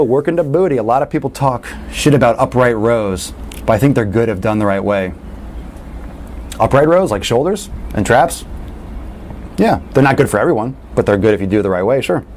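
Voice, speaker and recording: A man coaching fitness in a casual question-and-answer talk, blunt and animated, swearing freely. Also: medium pitch, slight background noise.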